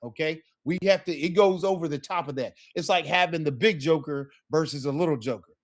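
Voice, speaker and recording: A man's voice: on the high side, brisk. A man teaching a language class, explaining patiently and checking in with his students often. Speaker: Spanish teacher. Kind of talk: online class lesson.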